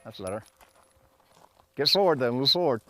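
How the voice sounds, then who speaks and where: A man's voice: mid-range voice, animated, moderate pace, heavy background noise. A middle-aged man coaching young shooters at an outdoor range, joking with them and calling out drill commands.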